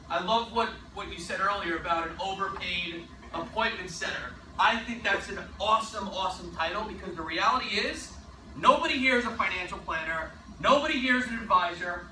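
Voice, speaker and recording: A man giving a sales training talk, energetic and emphatic, often tossing in a rhetorical "right?". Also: high voice, echoey room, far from the mic, slight background noise, poor audio.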